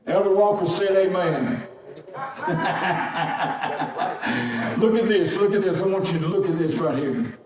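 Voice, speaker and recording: Fervent preacher in echoey church. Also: male voice, high voice, lively intonation, takes it slowly, long pauses, crowd noise. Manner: fervent call-and-response preaching, shouting and chanting. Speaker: guest preacher. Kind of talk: sermon. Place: large echoey church sanctuary. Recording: echoey sanctuary from far off. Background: congregation responding.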